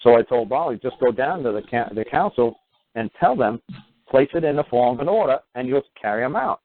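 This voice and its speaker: A man's voice: mid-range voice, a little fast. A man hosting a talk show, telling a long story in a casual way and acting out the voices of the people in it. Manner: animated, acts out quoted voices. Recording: tinny phone line audio.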